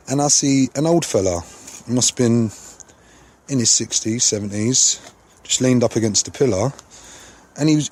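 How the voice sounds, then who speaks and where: Sweary man telling a story. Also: fairly low pitch. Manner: sweary, animated storytelling with lots of fillers. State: tipsy. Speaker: podcast co-host. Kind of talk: casual anecdote telling.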